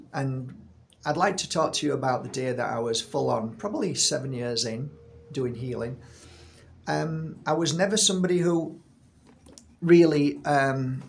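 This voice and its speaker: A man's voice: medium pitch, creaky, a little hiss or hum. A man in his fifties, a healer and channel host, casually telling a personal story, rambling with frequent restarts.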